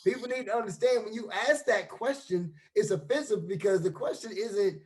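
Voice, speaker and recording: A man's voice: sits high, normal speed. A man hosting a panel discussion, affirming the speakers and calling them brother. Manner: warm affirming, calls guests brother. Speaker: host.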